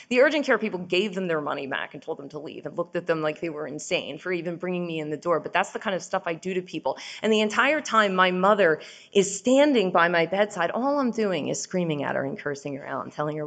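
A woman giving a personal recovery testimony, speaking in a raw, candid way that swings between urgent and hushed. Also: on the low side, expressive, quick pace, creaky. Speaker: speaker sharing her recovery story.

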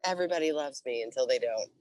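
A middle-aged woman, a Navy veteran, telling her story in a casual, profane, animated way and acting out the dialogue. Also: low voice. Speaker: interview guest, Navy veteran.

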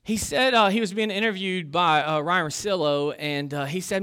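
A man's voice: sits high, normal speed, bright, forceful tone, smooth. A young man giving a casual sermon as a pastor, joking and poking fun at himself, with plenty of ums and uhs. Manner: joking and self-deprecating, with many fillers.

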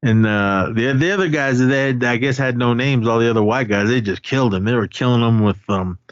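A podcast co-host with a mid-range voice recaps a movie's plot in casual conversation, talking fairly quickly. He rambles with many fillers and restarts, and the recording is dull and lo-fi with no room sound.

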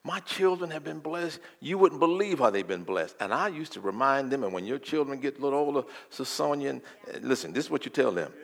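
An older man preaching a sermon as a guest, telling folksy stories and building from quiet talk to loud declarations. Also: expressive, quick pace, vocal fry, hardly any pauses. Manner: folksy, swells from low murmur to loud preaching. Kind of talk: sermon with storytelling.

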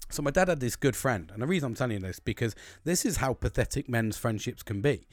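A man's voice: mid-range voice, lively intonation, fast talker, no room sound, studio quality. A British man in his forties rambling through a childhood story, swearing constantly and laughing as he goes. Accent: British English. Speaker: podcast host. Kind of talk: casual storytelling.

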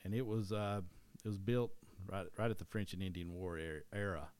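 This low-voiced man from East Tennessee talks at a moderate pace with a darkish, clean tone. Co-hosting a casual history chat in his Southern accent, he rambles and frequently restarts or corrects himself.

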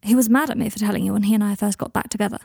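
A woman's voice: mid-range voice, steady tone, very fast, creaky, mellow, breathy edge, no room sound, studio quality. A woman reading aloud and voicing a prickly, teasing young man with a haughty, mocking manner. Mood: bitter.

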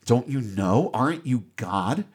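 A man voicing a calm, matter-of-fact male starship captain who asks blunt questions in a higher, softer voice. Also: a little slow, slightly rough.

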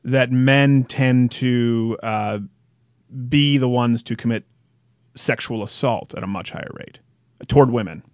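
Joking man rapid-firing questions. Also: medium pitch, no echo, clean studio sound. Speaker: talk show host. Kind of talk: casual interview.

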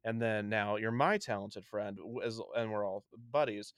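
Relaxed male podcast host, low-ish pitch, dry close mic. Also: moderate pace, smooth, dry recording. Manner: easygoing, with fillers. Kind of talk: casual interview chat.

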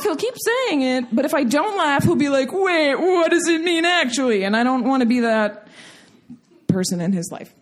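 A woman telling a comic personal story, animated and laughing as she goes. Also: sits high.

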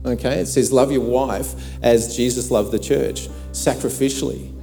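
A man's voice: mid-range voice, fairly even intonation, normal speed, gravelly, mellow. A middle-aged man preaching a sermon, telling a personal story in a chatty way with many fillers. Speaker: pastor. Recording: long hall reverb, faint music.

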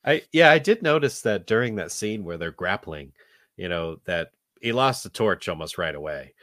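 A man's voice: sits low, expressive, moderate pace, a bit bright, no room sound, studio quality. A man in a casual podcast chat about a film, talking loosely with many fillers and restarts. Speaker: podcast co-host. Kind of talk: casual movie discussion.

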